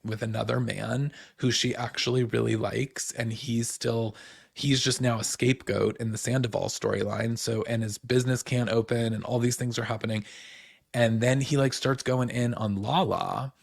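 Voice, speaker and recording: Male host for a casual TV recap: rambling and animated, slight vocal fry, dry recording. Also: mid-range voice, normal speed, no room sound. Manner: rambling, full of "like" and "um" fillers; animated, puts on the cast's voices in quotes.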